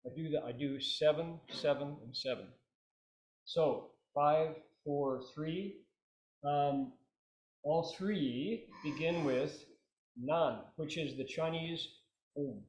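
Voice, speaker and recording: A man teaching a meditation class, relaxed and joking, leading his students through chanted repetitions. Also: on the high side, slow. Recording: roomy, echoey room.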